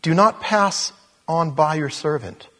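A man preaching a sermon in a conversational way, growing animated as he reads scripture aloud. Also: fairly high pitch, takes it slowly, big-room sound, a little hiss or hum.

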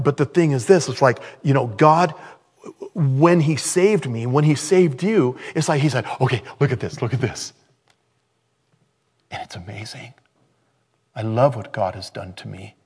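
A man in his sixties preaching an informal sermon, with a gravelly, husky voice at a middle pitch. He talks with animation, jumping from loud exclamations to hushed, quiet asides. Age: 60s. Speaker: pastor.

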